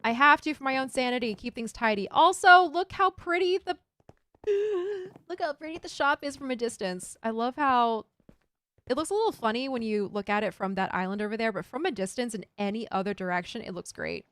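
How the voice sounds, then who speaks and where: A young adult woman streamer chatting casually with viewers while playing a game, animated and giggly. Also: fairly high pitch, a little fast, smooth, no room sound. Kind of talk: casual gameplay chat with viewers.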